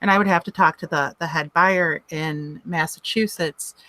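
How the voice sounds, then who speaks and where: A woman's voice: sits low, fairly even intonation, normal speed, pushed and bright, no echo. A woman with a Chicago accent and heavy S sounds, chatting casually on a video call and laughing easily. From Illinois. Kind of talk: casual chat.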